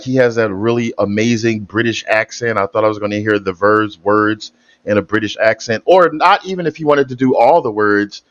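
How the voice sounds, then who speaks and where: A man's voice: mid-range voice, no echo. Rambling man giving reaction commentary. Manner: hesitant, rambling explanations with restarts. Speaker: reaction video host.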